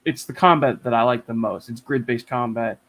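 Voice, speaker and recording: A man guest in casual chat over a video call from home, talking in an excited, rambling way and swearing freely. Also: medium pitch, brisk. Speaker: interview guest.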